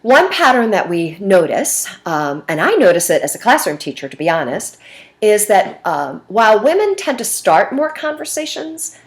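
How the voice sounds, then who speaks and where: A middle-aged woman teacher giving a recorded lecture in a conversational way, with frequent fillers. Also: mid-range voice. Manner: conversational, with fillers and slide references.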